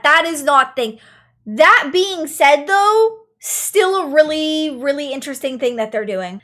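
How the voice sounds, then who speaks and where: A woman's voice: sits high, animated, unhurried, a bit bright. A woman streamer giving casual commentary to her chat, repeating phrases for emphasis.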